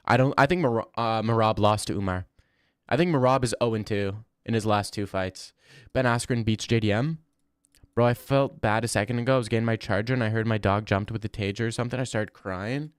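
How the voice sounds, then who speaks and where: A man's voice: fairly low pitch, fairly quick, clean tone, dry recording, clean studio sound. Blunt young man rambling on stream. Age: 20s. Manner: rambling, blunt, swears freely. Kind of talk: casual live-stream chat reading.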